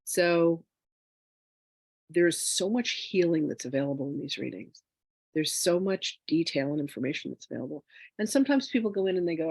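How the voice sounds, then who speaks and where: A woman's voice: deep voice, animated, normal speed, gravelly, a little mellow, no room sound. Chatty woman teacher, dry close sound. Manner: candid, chatty, with many "you know" asides. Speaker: spiritual teacher and reader. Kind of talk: conversational teaching with personal story.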